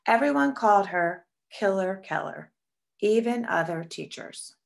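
A woman reads a picture book aloud in a storytelling voice with plenty of expression. Her voice is gravelly with a lot of fry, and her pitch sits in the middle. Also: expressive, a little slow. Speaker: storybook reader.

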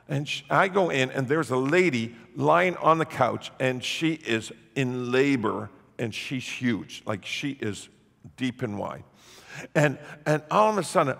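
Gravelly-voiced pastor telling a story. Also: male voice, medium pitch. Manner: animated storyteller acting out quoted voices. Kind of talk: sermon storytelling. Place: church sanctuary. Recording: church hall reverb.

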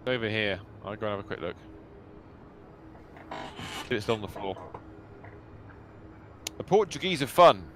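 A British man chatting casually with friends while streaming a game, animated and quick to exclaim. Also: lowish voice, noisy background.

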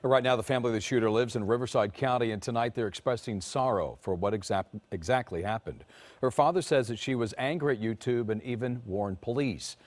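A man's voice: mid-range voice, fairly quick. A man anchoring TV news with formal newsreader delivery. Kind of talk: scripted news reading.

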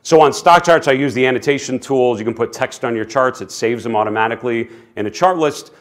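A man's voice: medium pitch, brisk. A middle-aged man giving a conversational presentation as a market strategist, chatty and self-deprecating, with many fillers and restarts.

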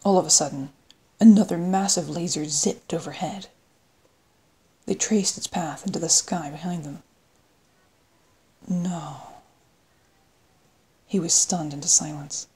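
A woman reading an audiobook in steady scripted narration. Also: lowish voice, moderate pace, slightly rough. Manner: steady storytelling read.

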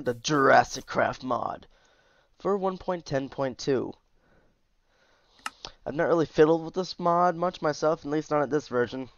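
A tired man rambles cheerfully through a game mod walkthrough with plenty of asides. His voice is smooth and clear at a middling pitch. The sound is dry and close, a little dull on top. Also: dry recording. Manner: chatty, easygoing, with asides and trailing off. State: tired, yawning. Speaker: mod reviewer. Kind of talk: casual gameplay commentary.

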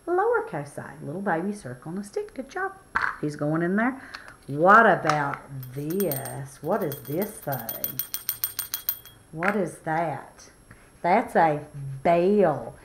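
A woman teaching a children's phonics lesson in a playful, encouraging, sing-song way. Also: lowish voice.

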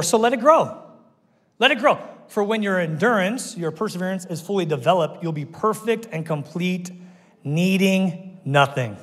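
Animated pastor preaching in a reverberant hall. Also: male voice, on the high side. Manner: animated storytelling, acts out quoted voices. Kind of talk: sermon. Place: church auditorium. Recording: long reverb of a church hall.

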